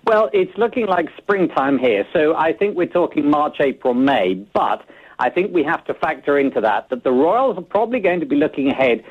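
A male correspondent calling in over the phone, giving measured, thoughtful analysis with many hesitations. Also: fairly high pitch, animated, husky. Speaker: foreign correspondent. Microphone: phone line. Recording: tinny phone line.

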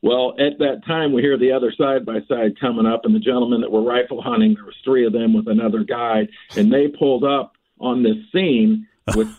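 A man's voice: medium pitch, fairly quick, hardly any pauses. Guy on a phone-quality line, chatty storyteller, laughs a lot, mid voice. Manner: laughs often, lively, restarts phrases. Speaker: podcast guest. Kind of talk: animated storytelling.

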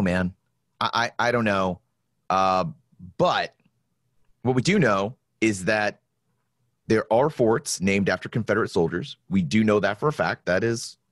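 A man's voice: dry recording, clean studio sound. A man in his forties hosting a casual podcast, telling stories and acting out the people he quotes. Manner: animated storyteller, acts out quotes in high voices. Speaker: podcast host.

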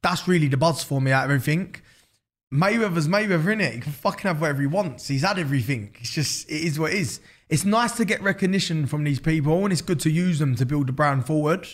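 Fast-talking and fairly high-pitched, this London-accented Englishman is a guest and business founder in a casual interview. His speech is loose and full of slang, filler words and swearing.

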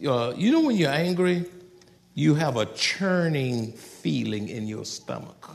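A pastor delivers a sermon with a somewhat high, gravelly voice, his pitch leaping up and down as he talks. He moves from loud outbursts to quiet asides in a folksy, joking manner. He chuckles at his own jokes. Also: measured pace, long reverb tail. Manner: animated preaching, swings from loud outbursts to soft asides.

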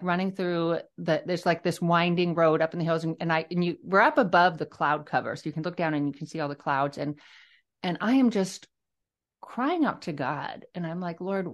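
A middle-aged woman with a low voice shares a personal testimony on a podcast. She tells it earnestly and reflectively, pausing and restarting her sentences as she thinks. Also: highs cut off. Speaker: guest author sharing her testimony.

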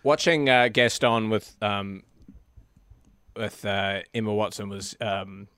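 A man's voice: lowish voice, slow, fairly bright tone, clear, resonant tone, no echo. Dry, wry man in a dead room. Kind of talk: casual comedic film chat.

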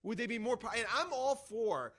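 A man from Boston hosting a sports radio show, rambling through his points in quick asides and restarts. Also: very high voice, expressive, pushed and bright.

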